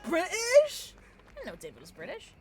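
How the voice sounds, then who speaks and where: A woman streaming a game and chatting casually with her viewers, excitable and quick to thank them. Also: extremely high pitch, slight background noise. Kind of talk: casual livestream chat while gaming.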